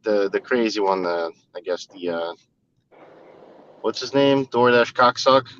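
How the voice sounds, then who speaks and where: A man's voice: on the low side, animated, measured pace, fairly bright tone. A man calling into a casual live-stream chat from a car, ranting hotly and swearing. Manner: heated, profane ranting. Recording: muffled lo-fi with clear background noise.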